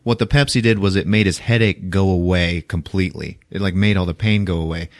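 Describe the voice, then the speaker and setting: A man's voice: deep voice, fairly quick, dry recording, clean studio sound. A man hosting a podcast, recapping a movie in a laid-back, swearing, laughing way. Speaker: podcast host.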